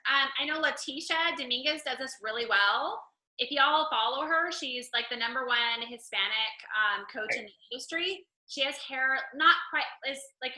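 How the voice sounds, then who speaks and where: A woman with a high, very bright voice coaches her group in a chatty, animated way. She tells stories full of "like" and keeps talking fast and easily. The sound is echoey, as if in a bare room. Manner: chatty, animated storytelling with lots of "like". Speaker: fitness coach leading a group call. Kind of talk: casual coaching talk.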